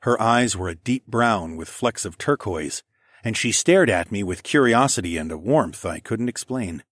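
Low-voiced male audiobook narrator. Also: expressive, normal speed, fairly bright tone, dry recording, clean studio sound. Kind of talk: first-person fantasy audiobook narration.

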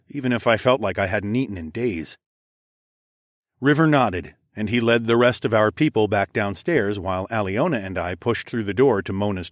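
Low-voiced male audiobook narrator. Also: no room sound, studio quality. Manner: measured, steady storytelling. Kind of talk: first-person fiction narration.

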